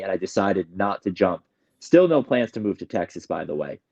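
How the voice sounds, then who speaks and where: A man's voice: sits low, very animated, normal speed, a little mellow, dull audio. A man from New York telling his recovery story in a candid, emotional, rambling way, often starting his sentences over. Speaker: guest sharing recovery story.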